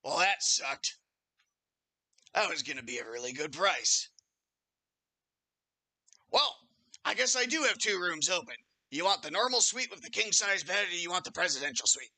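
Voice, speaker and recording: A pleased-with-himself innkeeper, played by a man running a tabletop game, pitched a little high and very bright. He talks with an eager salesman's patter, all winks and deals. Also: big pitch swings, moderate pace, long pauses, full character voice. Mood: sly. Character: boastful cheeky male innkeeper.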